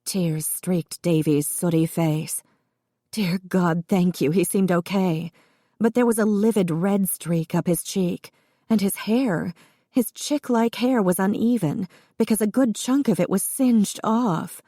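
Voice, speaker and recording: A woman reading an audiobook in steady, expressive narration. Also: medium pitch, unhurried, dry recording, clean studio sound.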